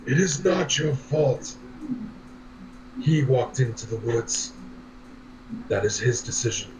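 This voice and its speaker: A man voicing a stern adventurer who speaks gravely and firmly. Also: mid-range voice, expressive, darkish tone, a little hiss or hum. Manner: grave, measured. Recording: echoey room.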